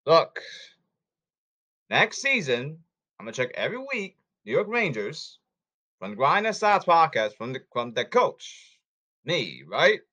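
A man's voice: a little high, very animated, unhurried, pauses often, pushed and bright. A man hosting a sports podcast who talks in a blunt, hectoring way and repeats himself, in a casual commentary monologue.

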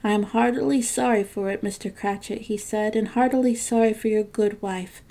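Storybook: woman voicing a soft-spoken grieving father, tender, gravelly edge. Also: medium pitch, fairly even intonation, normal speed, close to an everyday voice. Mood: fond. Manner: tender, breaking with sorrow. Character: grieving gentle father, middle-aged clerk.

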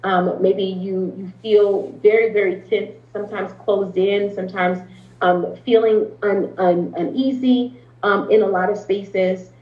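A woman's voice: mid-range voice, steady tone, unhurried. Woman therapist chatting as a guest, lots of ums and restarts, kinda echoey, a bit muffled. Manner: earnest, explains at length with frequent ums and restarts. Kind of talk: conversational interview talk. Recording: roomy, slightly dull sound.

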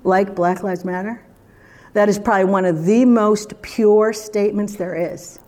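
A woman's voice: medium pitch, steady tone, a little slow, darkish tone. A woman preaching a sermon in a conversational, emphatic way, full of rhetorical questions.

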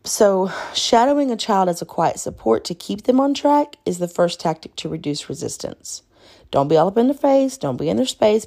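Mellow, gravelly woman teaching calmly. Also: mid-range voice. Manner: conversational, often ends points with "right?"; calm, repeats key points. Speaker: podcast host teaching caregivers. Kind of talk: instructional podcast talk.

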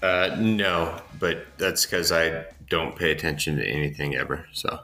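A man's voice: a bass voice, a little slow, pushed and bright, roomy sound, faint music behind. A man co-hosting a comedy podcast, dry and self-deprecating. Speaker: podcast co-host. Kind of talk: casual comedic podcast banter.

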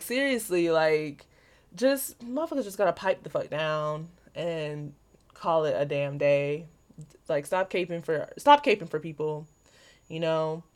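A young adult woman hosting a solo podcast, ranting bluntly and profanely with constant "like" fillers. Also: on the low side. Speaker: podcast host. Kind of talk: casual solo podcast rant.

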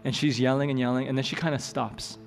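A pastor preaches in a loose, conversational way, slipping in jokes as he tells a story. His voice rings through a large church hall with a long tail. Soft music plays underneath. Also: medium pitch, flat delivery, fast, creaky. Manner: conversational, joking asides. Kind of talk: sermon with storytelling.

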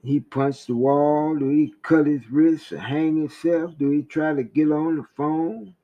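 A man's voice: fairly high pitch, steady tone, a little slow, muffled recording. A man hosting a reflective monologue, asking rhetorical questions as he tells a story. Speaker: podcast host.

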